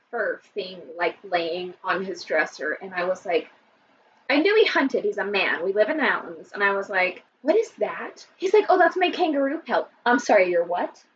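A woman co-hosting a podcast in casual chat, telling a story in an animated way. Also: mid-range voice, normal speed. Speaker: podcast co-host. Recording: distant mic, dull sound, faint noise.

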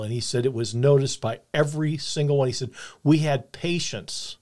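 A man's voice: medium pitch, normal speed, hardly any pauses, a little mellow. Older man telling a heartfelt story. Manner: earnest, reflective storyteller. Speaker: podcast co-host. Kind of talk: personal storytelling.

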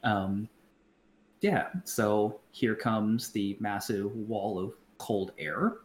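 A man co-hosting a podcast in casual chat, blunt and profane, talking in halting stops and restarts. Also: lowish voice. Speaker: podcast co-host. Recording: roomy echo, faint background noise.

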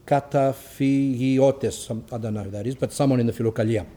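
A man's voice: mid-range voice, fairly even intonation, fairly quick, few pauses, warm tone. A man giving a religious teaching talk, reading passages aloud and commenting in a conversational way, with asides and rhetorical questions. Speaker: spiritual talk speaker.

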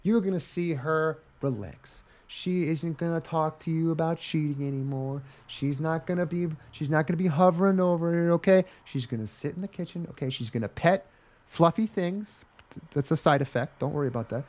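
A man co-hosting a comedy podcast, recapping an episode with animated, profane riffs. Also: a little high, fairly quick. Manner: animated, swearing, riffs with mock voices. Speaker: podcast co-host.

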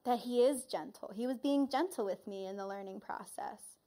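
A woman preaching in an earnest, reflective storytelling manner. Her voice sits a little high for a woman. She speaks as a church leader at the pulpit. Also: moderate pace, mellow. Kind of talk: sermon.

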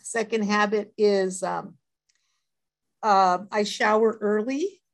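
A woman's voice: mid-range voice, steady tone, slow pace. An older retired woman sharing her daily habits in a recovery group, in an earnest, reflective way with lots of hesitant fillers. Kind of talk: personal sharing talk.

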